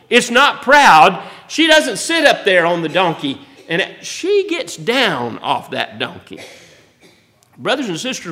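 Preacher guy, high lively voice, folksy, gets bold and loud on the big points. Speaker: pastor. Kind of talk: sermon.

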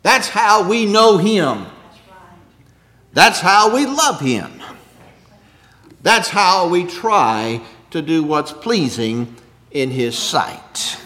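A man preaching a sermon in an earnest way, rising to loud emphasis and dropping to hushed low lines. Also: sing-song, very slow, long pauses. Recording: echoey hall, long reverb.

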